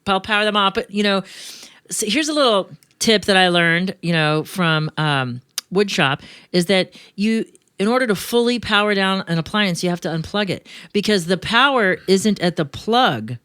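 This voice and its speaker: A woman hosts a finance chat show in a loose, joking way, tossing off quick asides between her tips. Her voice sits at an ordinary middle pitch. The recording is close and dry, with no room sound. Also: animated, fairly bright tone, smooth, dry recording. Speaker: show host. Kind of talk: casual radio-show chat.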